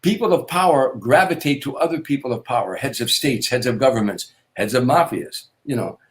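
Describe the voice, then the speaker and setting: An older man, a comedian, telling anecdotes in an interview, with repetitions and quick restarts. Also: medium pitch, lively intonation. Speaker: guest comedian. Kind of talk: storytelling interview.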